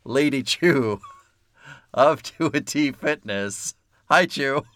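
A man hosts a casual movie podcast, talking at an unhurried pace in a bright, forward voice. He jokes with his co-host, laughs easily and keeps the chat loose. The sound is close and dry. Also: medium pitch, expressive, no echo.

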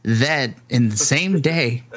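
A man's voice: medium pitch, takes it slowly, no echo. Frustrated man telling a classroom story. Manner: animated storyteller, vents with blunt frustration. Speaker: middle school teacher and podcast co-host. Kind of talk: casual podcast chat.

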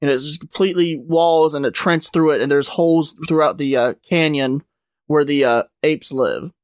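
A man with a fairly high voice rambles through a comic book recap in a loose, conversational way, leaning on fillers as he goes. The sound is close and dry, with no room echo. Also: normal speed. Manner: rambling retelling, many "like" and "uh" fillers. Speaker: podcast host.

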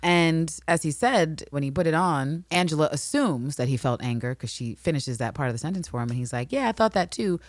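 A woman's voice: low-pitched, brisk, few pauses, no room sound, clean studio sound. A woman co-hosting a casual recap podcast, acting out characters with big swings in her voice. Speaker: podcast co-host.

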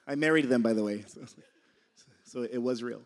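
Here a young man preaches in a relaxed, chatty way, laughing a lot and now and then losing track of what he was saying. His voice is mid-range with a darkish tone.

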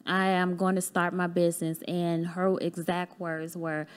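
A woman's voice: lowish voice, flat delivery, unhurried, clear, resonant tone. A woman guest on a podcast candidly recounting a personal experience, acting out remembered conversations in a heartfelt, earnest way. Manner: candid, acts out remembered dialogue. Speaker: podcast guest, business owner. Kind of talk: personal storytelling in a podcast interview.

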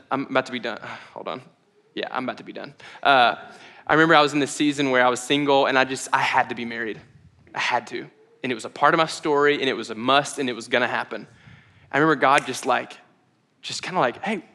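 A man's voice: mid-range voice, pushed and bright. A young man preaching a casual, candid sermon, often laughing at himself. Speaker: pastor. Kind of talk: conversational sermon.

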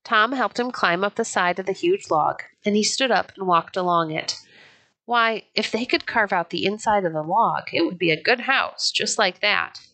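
A woman narrating a children's pioneer story in a clear, even, unhurried storybook reading. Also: medium pitch. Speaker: audiobook narrator.

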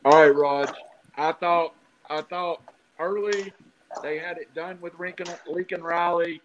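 Higher-voiced man hosting, asking questions. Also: steady tone, measured pace, a bit bright, a little hiss or hum, poor audio. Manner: leads with questions, teasing. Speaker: host. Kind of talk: casual sports chat.

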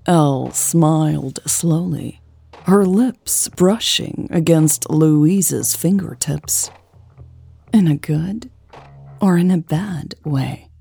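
A woman reads an intimate romance audiobook in a hushed, half-whispered voice. Her tone is low, gravelly and husky, and she takes her time. Faint music plays softly behind her. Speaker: audiobook narrator.

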